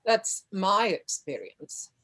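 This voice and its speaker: A woman's voice: medium pitch, slow pace, a bit bright. A woman playing a worldly wedding guest on stage, speaking in a knowing, dry way.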